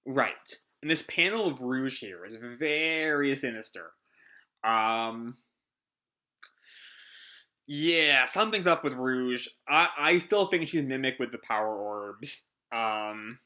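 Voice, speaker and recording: A man's voice: mid-range voice, takes it slowly, bright, forceful tone. A man reading a comic live and commenting on it, rambling with many fillers. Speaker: comic reaction host.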